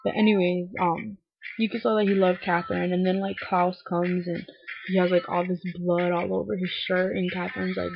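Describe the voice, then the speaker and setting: A woman's voice: on the low side, little pitch movement, normal speed, gravelly, pauses often. Young woman rambling thru a tv recap, casual swearing, bit under the weather, muffled lo-fi mic w/ a little hiss. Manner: chatty, many fillers, swears casually. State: feeling unwell, a little low. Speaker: TV recap vlogger. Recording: dull lo-fi webcam audio with faint hiss.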